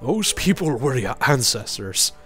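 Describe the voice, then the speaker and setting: A man voicing a sly old king in a deep, slow, mock-solemn voice with a slight put-on British accent. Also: sing-song, fairly bright tone, breathy edge, faint music behind, exaggerated voice.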